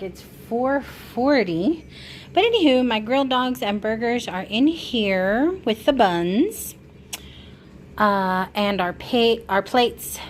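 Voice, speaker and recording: Woman vlogger, worried and talkative, shot on a phone outside with clear background noise. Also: medium pitch, rough recording. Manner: anxious, chatty storytelling. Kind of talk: casual vlog talking to camera. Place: outdoors by a grill. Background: wind and outdoor ambience.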